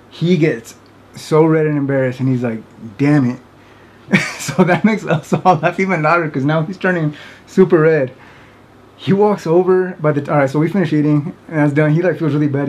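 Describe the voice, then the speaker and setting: A man's voice: a little high, a little mellow, highs cut off. A man casually telling a funny story to camera, rambling with many fillers and often breaking into laughter. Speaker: vlogger.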